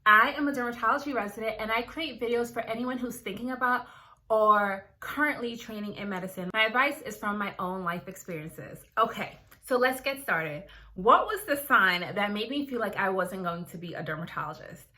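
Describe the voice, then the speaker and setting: A young woman, a dermatology resident, chatting casually to her viewers in an animated storytelling vlog. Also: mid-range voice, normal speed. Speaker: dermatology resident, video creator.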